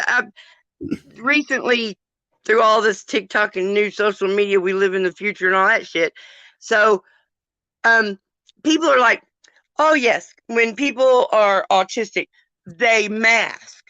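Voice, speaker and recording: A woman's voice: mid-range voice, sharp tone, no room sound, muffled recording. A middle-aged woman hosting a podcast, chatting casually in a sarcastic, swearing storytelling manner. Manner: sarcastic, swearing, laughs while telling stories. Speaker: podcast host. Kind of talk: casual chat.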